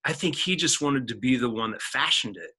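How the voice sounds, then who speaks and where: A man in his forties, a guest actor, telling his life story in a casual interview, earnest and animated with frequent laughs and restarts. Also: mid-range voice, brisk, slightly rough, rough recording. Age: 40s.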